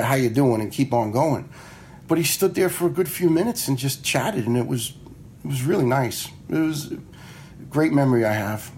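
A man's voice: medium pitch, a little mellow, a little hiss or hum. A man, a retired fire lieutenant telling personal stories in a blunt, frank way, swearing freely and acting out the dialogue he quotes. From New York area. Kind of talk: casual personal storytelling.

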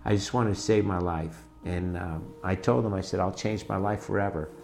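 A middle-aged man telling his own life story in a halting, emotional way, with many restarts. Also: sits low, fairly even intonation, vocal fry. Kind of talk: personal testimony.

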